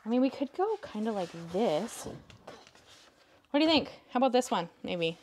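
Hosting a crafting stream, a young Canadian woman chats easily with her chat and her cat, undecided as she works. Her voice is fairly high and darkish, very animated at a moderate pace, with a little hiss or hum in the background.

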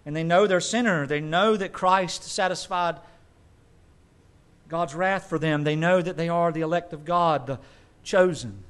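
A man preaching a sermon as pastor, emphatic and conversational, with quick asides. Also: fairly high pitch, a bit bright, clear, resonant tone.

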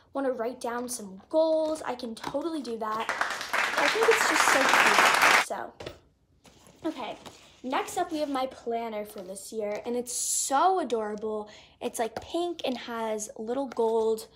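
A woman's voice: on the high side, a little hiss or hum. A teenage girl chatting casually in a haul video, gushing over her things and filling her talk with "like.". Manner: gushing, chatty, lots of "like" fillers. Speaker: vlogger.

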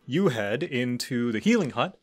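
A man narrating casually as game master of a tabletop game, relaxed and full of fillers. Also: mid-range voice, moderate pace.

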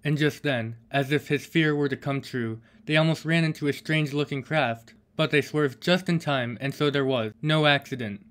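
A man's voice: fairly high pitch, normal speed, hardly any pauses, fairly bright tone. Man reading a children's story. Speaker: audiobook reader. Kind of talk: storybook narration.

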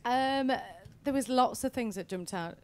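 A woman, an actress being interviewed, who speaks in a relaxed, light-hearted way. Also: high voice, unhurried. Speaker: actress, guest. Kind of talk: casual interview chat.

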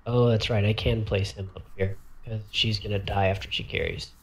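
A man with a fairly low, gravelly voice talks through a miniatures game turn step by step. He counts moves aloud, pauses on fillers and corrects himself mid-thought in a relaxed, casual way. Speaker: tabletop miniatures player walking through a turn. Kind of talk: thinking aloud while demonstrating game moves.

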